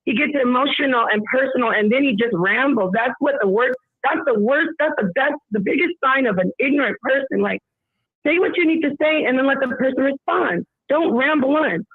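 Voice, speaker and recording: An insistent woman argues in a heated call-in debate, quoting scripture and demanding her turn to speak. Her high, husky voice comes through a thin, phone-like line. The sound is dry and close. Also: animated, a little fast, dry recording. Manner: insistent, quotes scripture, pushes to be heard. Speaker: debate guest.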